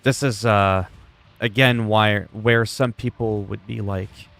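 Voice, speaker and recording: A man's voice: fairly low pitch, fairly even intonation, takes it slowly, gravelly, fairly bright tone, soft background music. Rambling Canadian man streaming a game. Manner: chatty, rambling, talks to viewers by name. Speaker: livestreamer. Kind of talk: casual gameplay chat.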